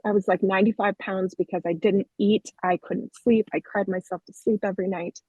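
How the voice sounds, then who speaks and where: A woman's voice: medium pitch, steady tone, brisk, a little mellow, husky, no echo. A woman guest on a podcast, telling her life story in an earnest, candid way. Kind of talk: personal testimony in an interview. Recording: dull, dry lo-fi sound.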